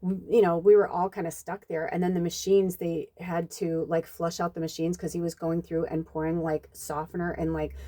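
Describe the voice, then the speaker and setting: A woman, a psychic medium, telling a story in a rambling, casual way, full of fillers and acted-out quotes. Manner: animated, rambling, heavy use of "like" and "you know"; acts out quotes with jumps in pitch. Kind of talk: casual spoken storytelling in a reading video.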